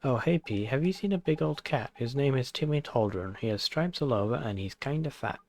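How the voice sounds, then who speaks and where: A man's voice: medium pitch, lively intonation, fairly quick, a little hiss or hum, close to an everyday voice. A man voicing a polite, curious young boy in a near-natural, earnest voice. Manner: earnest, questioning.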